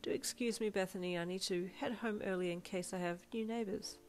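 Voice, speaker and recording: A woman's voice: mid-range voice, fairly even intonation, fairly quick, voice pushed up, close to an everyday voice, low-quality recording. A woman reading as a wry, restrained principal. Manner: restrained, matter-of-fact and wry. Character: dry, wry middle-aged woman school principal. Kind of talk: reading a fan fiction aloud. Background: faint backing music.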